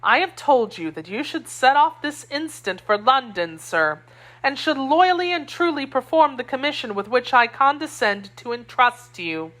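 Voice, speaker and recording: A woman's voice: high voice, sing-song, normal speed, a bit bright, voice pushed up. A woman voicing a spirited young wife loyal to her queen, indignant and scornful, in an audiobook reading.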